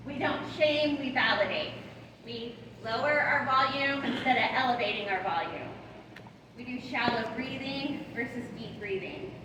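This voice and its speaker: A woman in her thirties giving a lively parenting training talk to caregivers, often checking in with the room. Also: sits high. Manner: animated, checks in with the audience often. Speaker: parenting educator. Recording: echoey hall, voice from far off, background noise.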